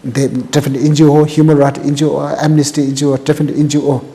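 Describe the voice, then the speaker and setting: Older Tibetan-accented man in halting English. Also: a little high, level tone, vocal fry, warm tone, big-room sound. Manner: halting, repeats words, plain broken English. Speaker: interviewee. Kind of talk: oral history interview.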